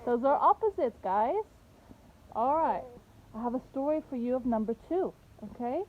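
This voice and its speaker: Woman home teacher, patient and coaxing, higher voice, lo-fi phone-like recording with faint background noise. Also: animated, moderate pace. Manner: patient questioning, coaxing answers. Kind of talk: teaching a young child, storytelling. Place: outdoors in a garden.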